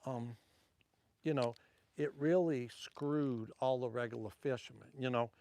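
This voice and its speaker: A man's voice: mid-range voice, unhurried, creaky, a little mellow. A man with a Southern Louisiana accent chatting casually to livestream viewers while fishing from a wharf at night, rambling between casts.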